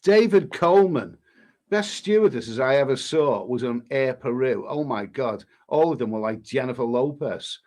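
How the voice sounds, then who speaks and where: Reading his live chat aloud, the travel vlogger answers viewers with cheeky banter during a casual stream, frequently starting over mid-sentence. He has a mid-range, slightly mellow voice with lively intonation and a moderate pace.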